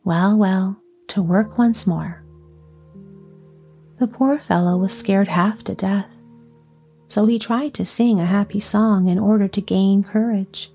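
A woman narrating a classic children's story in a soft, partly whispered storytelling voice. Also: medium pitch, husky.

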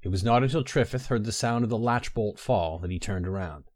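A man narrating a fantasy story in a measured, even storytelling manner. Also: lowish voice, no room sound, studio quality.

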